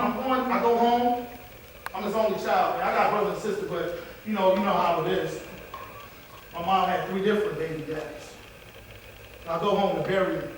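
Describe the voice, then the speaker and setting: A man's voice: high-pitched, fairly bright tone. A man giving a motivational talk in a preacher-like way, calling out to the audience. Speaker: motivational speaker. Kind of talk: motivational speech. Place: large hall. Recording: echoey hall from far off, faint noise.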